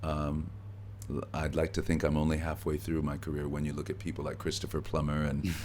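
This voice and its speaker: A middle-aged actor, a guest in an interview, telling stories in a relaxed way with easy laughs, recorded backstage at a theatre. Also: male voice, very deep voice, fairly quick, slight background noise. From United States. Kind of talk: conversational interview.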